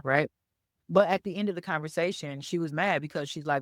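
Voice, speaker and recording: A woman's voice: sits low, a little fast, no echo. Chatty woman podcast host, dry sound. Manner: conversational storyteller, keeps checking in with "okay?" and "right?"; repeats words for emphasis. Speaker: podcast host and business coach. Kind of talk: solo podcast teaching.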